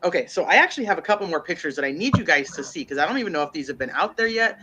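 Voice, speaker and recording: A man's voice: on the high side, sing-song, rapid-fire, background noise. A congested man co-hosting a true crime livestream, rambling and thinking aloud with lots of fillers. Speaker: livestream co-host.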